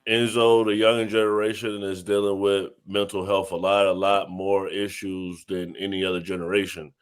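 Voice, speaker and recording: A man's voice: low-pitched, flat delivery, moderate pace, clear, resonant tone. A man hosting a panel discussion, asking the guests questions casually. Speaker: host.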